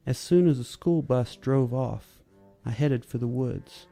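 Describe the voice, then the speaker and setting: A man reads a story aloud in a measured, steady way. His voice is gravelly and dark at a middle pitch. Soft music plays under the narration. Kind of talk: storybook reading.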